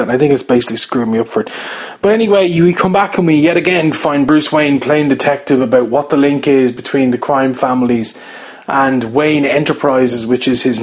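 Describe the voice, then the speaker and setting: A man talks through his review of a TV episode in a loose, rambling way. He keeps stopping and restarting with plenty of fillers while he airs his opinions. His voice sits at an ordinary middle pitch. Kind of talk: casual spoken review.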